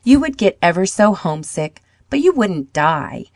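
A woman reading the lines of a lonely, gentle little schoolboy in a storybook, in a soft sad voice. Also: medium pitch, sing-song, normal speed, no room sound, clean studio sound, close to an everyday voice. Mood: forlorn.

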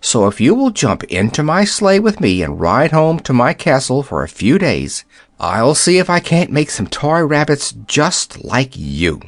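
A man's voice: mid-range voice, huge pitch swings, measured pace, no echo, clean studio sound. A man voicing a jolly, kindly old Santa Claus. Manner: jolly and warm-hearted.

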